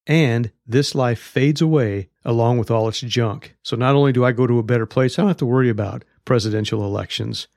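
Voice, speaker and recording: A man's voice: medium pitch, gravelly, a little mellow, no room sound, studio quality. A man teaching through a Bible book verse by verse, reading scripture aloud and explaining it in a blunt, conversational way.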